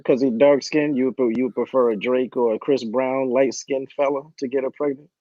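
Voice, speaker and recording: A man on a podcast chimes in with quick remarks, talking over the others. His audio is dry and dull, like a lo-fi mic in a dead room. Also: medium pitch, fairly even intonation, warm tone, no room sound. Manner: chiming in with quick, overlapping remarks. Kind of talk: casual chat.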